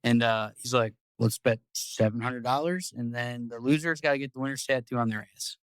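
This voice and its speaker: A man's voice: medium pitch, a little fast, clean tone, no echo. Rambling, profane male podcast host. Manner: rambling, profane, repeats words. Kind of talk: casual storytelling.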